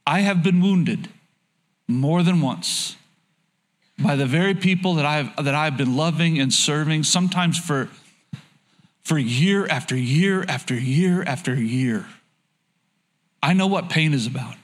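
A middle-aged man preaching from the pulpit with a noticeably high voice. He pleads earnestly, sinking soft and low, then lifts into urgent exhortation as he presses his point. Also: a little slow, long pauses. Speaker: pastor. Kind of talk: sermon.

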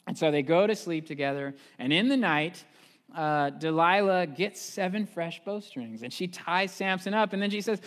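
A male pastor retells a story in a relaxed, animated sermon, with an everyday ring of ums and asides. His voice sits a little high for a man. A long church reverb follows each phrase. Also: moderate pace. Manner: casual, animated storytelling with fillers.

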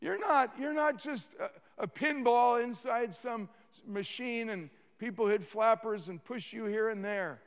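A pastor with a notably high voice preaches slowly and deliberately, repeating words and building to sudden emphatic peaks. A long reverb makes it sound like a large church hall.

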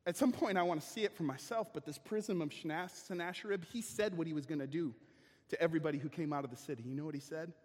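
Animated pastor with a high, husky voice. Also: male voice, quick pace. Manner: animated, acts out voices and sounds. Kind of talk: sermon with personal story. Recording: church hall reverb.

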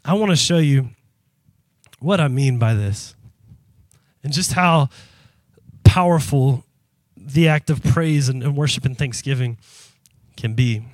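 A man's voice: medium pitch, a little slow, long pauses, dry recording. A man preaching a sermon as pastor, impassioned and emphatic, speaking straight to his congregation. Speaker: pastor and youth worker.

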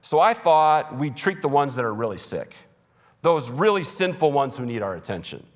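A man voicing Jesus in a sermon, mock-flattering and sarcastic toward self-righteous critics. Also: medium pitch, moderate pace, big-room sound, natural voice.

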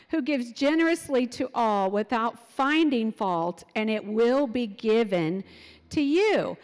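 A middle-aged woman telling parenting stories in an animated way, acting out what her children said. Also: on the high side, long reverb tail. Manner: animated, acts out quotes of her kids. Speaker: speaker sharing parenting stories. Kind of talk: storytelling talk.

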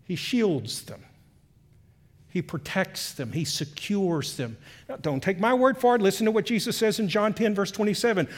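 Lively, high-voiced male preacher. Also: moderate pace. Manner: expressive, swings from hushed to emphatic while reading scripture. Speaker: pastor. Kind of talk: sermon. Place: church or meeting room.

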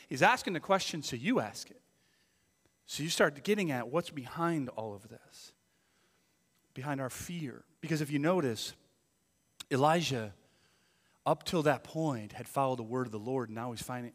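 A man preaching with lively, swooping intonation and a bright, forceful tone. He sometimes drops to a near whisper for emphasis, and his voice rings with the long reverb of a large hall. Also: fairly high pitch. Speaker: pastor. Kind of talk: sermon.

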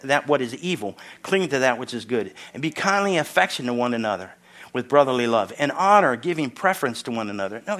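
A man's voice: medium pitch, fairly bright tone. A man in his sixties from the Philadelphia area, preaching a sermon as guest pastor with jokes and frequent hallelujahs. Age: 60s. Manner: joking, exclamatory, frequent hallelujahs.

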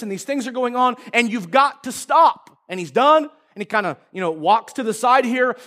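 A man preaching a sermon to a congregation as pastor, retelling a story in a lively way and acting out the characters. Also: extremely high pitch. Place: church service before a congregation.

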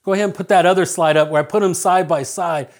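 A middle-aged man preaching a sermon, earnest, repeating phrases for emphasis and dropping to a hush when he tells a personal story. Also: high voice, fairly even intonation, fast. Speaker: pastor.

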